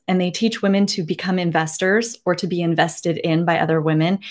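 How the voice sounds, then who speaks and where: A woman in her forties speaking earnestly to camera from her home, emotional and holding back tears, with many halting restarts. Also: on the low side. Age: 40s. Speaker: beauty vlogger. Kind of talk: personal address to camera.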